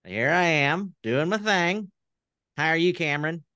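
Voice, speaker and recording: Goofy Southern puppet host, high and cheery, played by a man. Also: lively intonation, measured pace, bright, forceful tone, smooth, no room sound, clean studio sound. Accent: American Southern. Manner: cheery, sing-song, high and bouncy.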